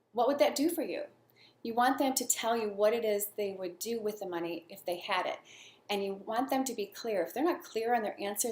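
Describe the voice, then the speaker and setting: A woman coaching salespeople in a lively, chatty way, full of questions and small stories. She speaks at a middle pitch, and the room around her is echoey. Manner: lively, storytelling, asks many questions. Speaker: network marketing coach. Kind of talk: casual motivational talk to camera.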